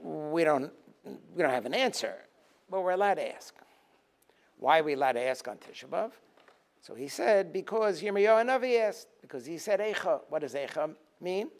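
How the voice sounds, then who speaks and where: Guy rabbi giving a talk, kinda high voice, does little voices for the story bits. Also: moderate pace. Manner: storytelling, acting out dialogue in a lively voice; rising to forceful emphasis, then dropping low. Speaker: rabbi and lecturer. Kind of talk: Tisha B'Av teaching talk.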